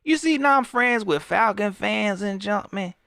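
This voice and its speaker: Lively, slangy man hosting a live stream. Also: high-pitched, normal speed, vocal fry, no room sound, clean studio sound. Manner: loose, slangy, rambling, lively. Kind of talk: casual live-stream chat giving shout-outs.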